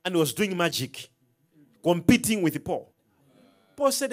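A man preaching a sermon in an emphatic, preacherly style, calling out questions to the congregation and swinging between loud and soft. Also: high-pitched, sing-song, measured pace. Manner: emphatic, preacherly call-and-response, dramatic swings in loudness.

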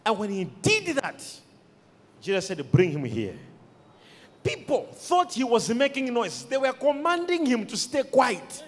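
A man preaching a sermon, emphatic, with sudden shouted peaks and quiet asides, recorded in an echoey church hall. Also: very high voice, wildly swooping pitch, measured pace.

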